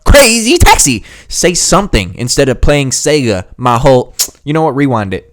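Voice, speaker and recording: A man's voice: mid-range voice, lively intonation, moderate pace, no echo, studio quality. A man hosting a gaming video, giving a heated, sarcastic and profane reaction rant. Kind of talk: ranting reaction commentary.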